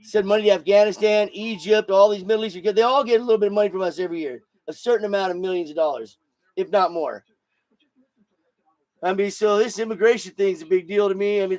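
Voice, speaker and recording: A man's voice: high voice, no echo. A man hosting his own show, delivering a blunt, profane solo political rant and repeating words as he gets heated. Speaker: show host.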